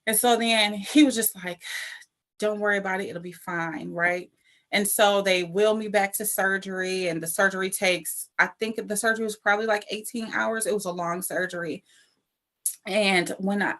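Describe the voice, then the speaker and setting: A young adult woman, a cancer survivor, telling a personal story at an online event and acting out the voices in it. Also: mid-range voice. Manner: animated storytelling, acts out voices in quotes.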